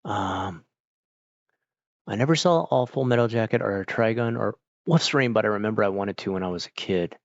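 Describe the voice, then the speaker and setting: A man's voice: on the low side, normal speed, no room sound, highs cut off. A man chatting casually with his stream viewers, rambling with lots of fillers while fighting off hiccups. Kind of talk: casual chat.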